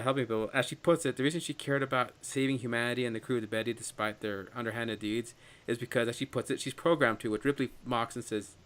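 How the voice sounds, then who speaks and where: A man in casual film discussion, chatty and quick to laugh as he retells scenes. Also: mid-range voice, a bit bright.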